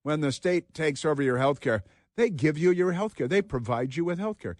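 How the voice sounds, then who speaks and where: A man hosting a talk radio show, delivering combative, sarcastic commentary with frequent halting restarts. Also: on the high side, animated, a little mellow, no room sound.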